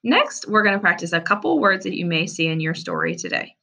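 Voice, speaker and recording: A female teacher leads a recorded lesson teaching young kids to read, pronouncing each word slowly and distinctly. She sounds words out with a lively, varied pitch.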